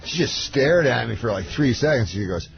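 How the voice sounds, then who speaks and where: A man from Canada, a comedian guest, telling a rambling deadpan story on a radio show with lots of fillers and restarts. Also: mid-range voice, brisk, creaky, highs cut off, music in the background.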